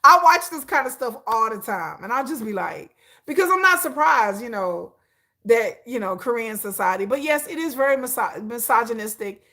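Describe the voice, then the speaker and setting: A woman hosting a casual livestream, talking straight to her viewers. Her voice is bright and sits a little high, and she repeats phrases for emphasis. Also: moderate pace. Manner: animated, repetitive, talks straight to viewers. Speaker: livestream host.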